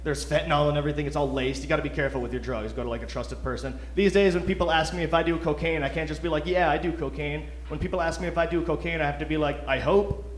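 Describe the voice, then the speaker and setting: A man's voice: on the high side, rapid-fire, few pauses, background noise. A young man from Detroit doing a loose, self-mocking stand-up set, chuckling through his lines. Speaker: stand-up comic. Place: comedy club stage. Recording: roomy club sound.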